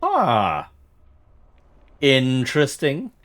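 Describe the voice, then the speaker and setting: A man's voice: medium pitch, wildly swooping pitch, very slow, fairly bright tone. A man streaming a game, chatting casually and thinking aloud in a rambling way.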